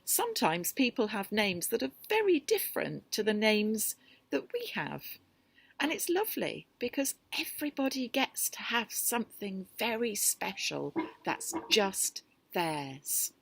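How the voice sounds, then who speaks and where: A woman reading a picture book aloud to children, gentle and expressive. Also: mid-range voice, unhurried, creaky, breathy edge, no echo. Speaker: storyteller.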